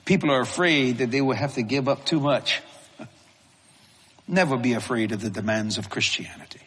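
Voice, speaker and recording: A middle-aged man preaching a sermon, telling stories in a folksy, animated way with frequent chuckles. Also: mid-range voice, moderate pace, slightly rough. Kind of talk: storytelling sermon. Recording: reverberant large hall.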